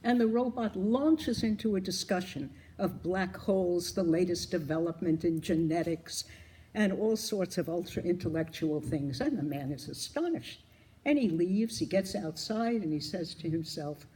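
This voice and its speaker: A man tells jokes to a memorial gathering in a lively storytelling manner, acting out each quoted line. His voice rises and falls across a wide range. Faint background noise sits under the recording. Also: high-pitched, normal speed, low-quality recording. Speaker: memorial speaker.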